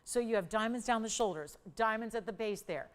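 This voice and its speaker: A woman hosting a live TV jewelry auction, calling out bids in brisk, upbeat sales patter. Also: on the high side, big-room sound. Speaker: live shopping auction host.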